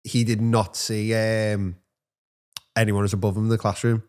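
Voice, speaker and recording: A man's voice: fairly low pitch, normal speed, clean tone. Chatty man telling school stories. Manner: animated storyteller who acts out voices in his anecdotes. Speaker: teacher and podcast co-host. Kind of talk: casual podcast chat.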